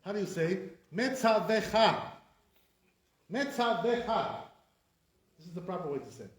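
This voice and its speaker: Rabbi with an echoey, higher man's voice. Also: expressive, very fast, darkish tone. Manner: corrective, repeats words to drill them, asks rhetorical questions. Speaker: rabbi teaching Hebrew pronunciation. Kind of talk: classroom lesson. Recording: echoey room sound.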